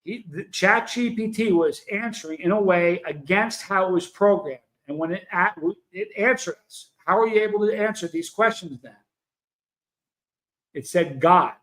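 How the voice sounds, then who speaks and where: A man's voice: high-pitched, normal speed, fairly bright tone, low-quality recording. A man hosting a livestream in a casual, emphatic way, telling a story and speaking directly to viewers in the chat. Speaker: livestream host.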